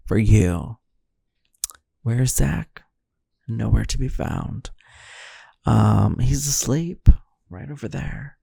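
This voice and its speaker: Man, podcast host, deadpan rambling, sleepy, dry close sound. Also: mid-range voice, extremely slow, gravelly, pauses often, husky, no echo. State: sleepy early morning. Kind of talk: solo intro monologue.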